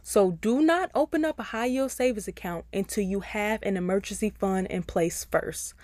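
A woman's voice: medium pitch, moderate pace, a little mellow, no echo. A woman hosting a personal finance podcast, giving advice in a chatty, encouraging way and speaking straight to her listeners. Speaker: podcast host.

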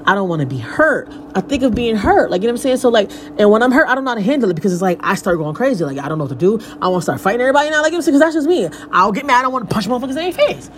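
Female podcast host, solo rant at home, fairly high animated voice, crude and unfiltered, room noise behind her. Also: very fast, hardly any pauses. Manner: candid, profane, rambling storytelling with frequent fillers. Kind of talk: casual solo podcast monologue. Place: at home by a window.

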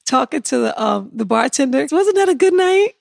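A middle-aged American woman hosting a podcast in casual, animated chat, laughing often and acting out quotes. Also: sits high, normal speed, creaky, no room sound, studio quality. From United States. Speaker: podcast host.

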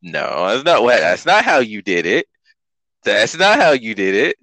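Casual co-host man, low and animated, bright tone. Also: measured pace, no echo. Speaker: podcast co-host. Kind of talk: casual chat.

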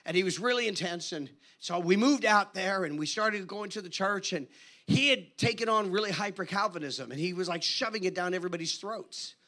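A man preaching a sermon in an animated, conversational storytelling manner. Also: high-pitched, brisk. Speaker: guest preacher.

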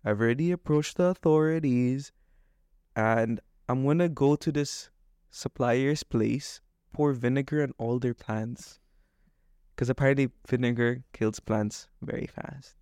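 A man's voice: mid-range voice, a little slow, darkish tone, clear, resonant tone, dry recording, studio quality. A man co-hosting a podcast, ranting with agitation about a bad purchase, acting out quoted back-and-forth exchanges. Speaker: podcast co-host. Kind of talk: casual podcast rant.

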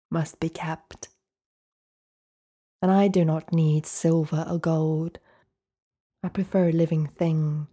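A sly little imp insisting on a kept promise, as a woman storyteller puts him on. He speaks low and unhurried, dragging out each word with cold certainty. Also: mellow. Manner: slow, deliberate and coldly insistent. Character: sly little male imp holding a bargain.

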